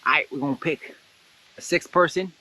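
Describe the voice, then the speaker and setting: A man hosting a casual guided blessing exercise, animated and laughing often, jumping into excited high voices when he quotes someone. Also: a little fast. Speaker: host guiding a blessing exercise. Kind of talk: casual guided meditation talk.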